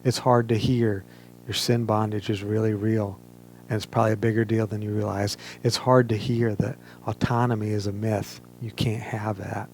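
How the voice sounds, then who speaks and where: A man preaching a sermon as pastor, earnest and measured, with emphatic pauses. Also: on the low side, little pitch movement, a little mellow, a little hiss or hum. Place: church, streamed online service.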